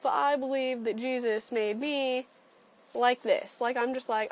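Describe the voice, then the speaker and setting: This woman talks a bit fast in a higher-than-average voice, unleashing a lively, sarcastic rant packed with profanity. Her vlog is recorded on a computer webcam, and the audio quality is low.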